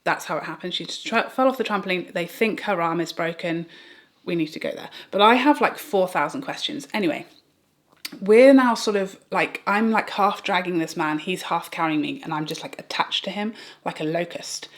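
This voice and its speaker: A woman's voice: fairly low pitch, moderate pace. Chatty British woman telling a story. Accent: British English. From Britain. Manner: rambling, animated retelling with restarts and laughs. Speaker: beauty vlogger. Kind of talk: get-ready-with-me storytime.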